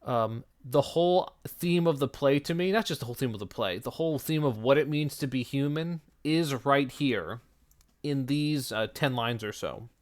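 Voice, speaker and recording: A man with a medium-pitched voice teaches at a moderate pace, explaining a literary text line by line in a conversational way. He poses rhetorical questions to himself and then answers them.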